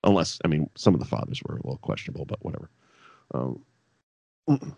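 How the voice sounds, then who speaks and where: Casting note: over-caffeinated male podcast co-host, exasperated and sweary, bursts up high when annoyed, dry close sound. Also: animated, quick pace, creaky, darkish tone, no echo. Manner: exasperated, sweary, ranting with sudden high outbursts. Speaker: podcast co-host reviewing wrestling. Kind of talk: casual profane rant.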